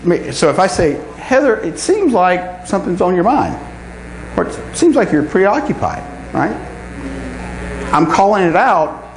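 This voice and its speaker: A man giving a live talk to a conference audience, animated and often checking in with "right?". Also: a little high. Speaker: conference speaker. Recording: echoey room with faint hum.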